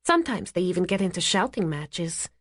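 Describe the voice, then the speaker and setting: A seductive, scheming assistant, as a woman voices her in a whispered role-play, hushed and suggestive. Her voice rises well above the narration in pitch, and the recording is close and dry. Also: big pitch swings, fairly quick, dry recording. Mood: whispering.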